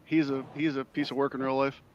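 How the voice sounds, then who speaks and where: A man's voice: mid-range voice, flat delivery, brisk, muffled recording, a little hiss or hum. A man who is a guest on a casual podcast chat. He talks earnestly and rambles, restarting his sentences often.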